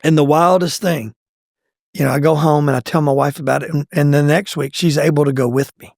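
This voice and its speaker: A middle-aged man telling his own faith testimony in a conversational, animated way, acting out what people said. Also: fairly quick, creaky, dry recording, clean studio sound. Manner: animated, acts out quoted lines with pitch jumps. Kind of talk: conversational storytelling.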